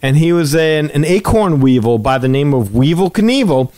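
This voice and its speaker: With a somewhat high voice and a moderate pace, a male podcast host relates a story in easygoing conversation. He brings animation to the telling and acts out the quotes energetically.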